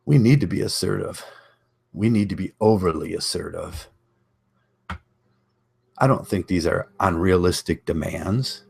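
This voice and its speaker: A man's voice: low voice, animated, unhurried, creaky, long pauses, darkish tone, breathy edge. A man hosting his own channel, delivering a blunt, combative monologue and repeating lines for emphasis. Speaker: online channel host. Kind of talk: ranting monologue.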